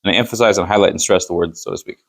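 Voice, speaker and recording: Very fast and fairly even in intonation, a rabbi with a low, fairly bright voice and some vocal fry teaches a Chassidus class. During this Torah study, he reads the Hebrew text and explains it in English, driving points home with emphatic rhetorical questions.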